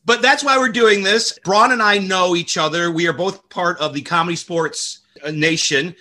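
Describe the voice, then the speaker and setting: A man's voice: high voice, moderate pace, sharp tone. An American man hosting a podcast, chatting enthusiastically with frequent restarts. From United States. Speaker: podcast host. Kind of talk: casual chat.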